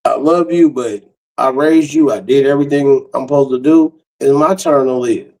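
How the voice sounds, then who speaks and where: A middle-aged man doing stand-up comedy, telling stories in a brash, profane way with big swings in pitch. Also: normal speed, dark tone, distant mic.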